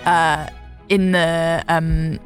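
A woman's voice: deep voice, little pitch movement, very slow, soft background music. A young woman co-hosting a radio show, talking in a chatty, enthusiastic way with frequent laughter. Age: young adult. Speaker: radio co-host. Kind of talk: casual radio chat.

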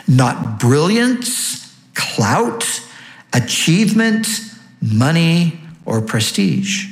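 A man preaching a sermon, emphatic, asking rhetorical questions and driving his points home. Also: echoey room. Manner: emphatic, rhetorical questions, sweeping pitch rises. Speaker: pastor.

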